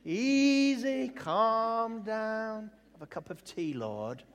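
A man's voice: high-pitched, expressive, drawn-out words, a bit bright, long reverb tail, pitched above the performer's own voice, full character voice. A male preacher voicing a prophet who hurriedly soothes an angry God. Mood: coaxing. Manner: coaxing, soothing.

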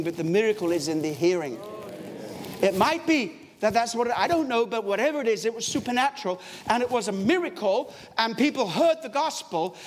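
High-voiced male preacher in a hall. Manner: storytelling, emphatic, wide swings in pitch. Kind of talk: sermon. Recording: long hall reverb, faint background noise.

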